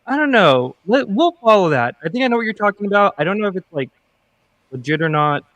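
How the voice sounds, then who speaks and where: A man's voice: high-pitched, sing-song, fairly quick, a bit bright, no room sound. A man co-hosting a podcast, laid-back and chatty, tossing in playful asides. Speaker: podcast co-host. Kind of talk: casual chat.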